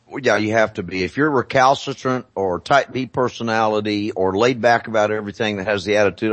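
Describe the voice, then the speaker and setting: Male guest, lowish pitch, dry studio mic, slow insistent explainer. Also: no room sound. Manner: deliberate, repeats phrases for emphasis. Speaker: guest on a talk show. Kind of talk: emphatic conversational explanation.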